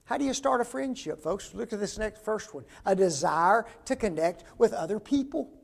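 Older male preacher, very high pitch with a gravelly edge, folksy sermon delivery, peppers the talk with rhetorical questions. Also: animated, moderate pace.

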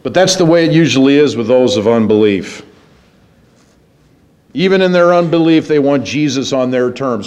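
A man preaching a sermon, moving from low, musing passages to raised, emphatic ones. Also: big pitch swings, moderate pace, darkish tone. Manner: dramatic, swings between low musing and high emphatic preaching.

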